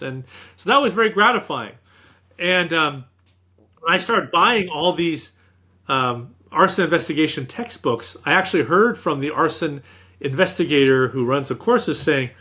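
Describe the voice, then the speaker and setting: A middle-aged man, an author being interviewed, telling animated anecdotes and acting out what others said. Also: a little high, normal speed. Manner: animated anecdotes, acts out quoted speech. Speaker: author guest. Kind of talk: interview storytelling.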